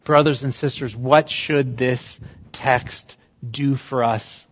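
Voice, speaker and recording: A man's voice: mid-range voice, steady tone, slow, a little hiss or hum. A male pastor preaching a sermon, emphatic and full of rhetorical questions. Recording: dull sound with long reverb in a church hall.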